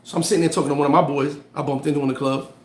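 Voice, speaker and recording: Livestream host, male, higher-pitched, slangy storyteller giving motivation, echoey room. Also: rapid-fire. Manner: animated storytelling with street slang; reads and answers viewer comments. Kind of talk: casual motivational live chat.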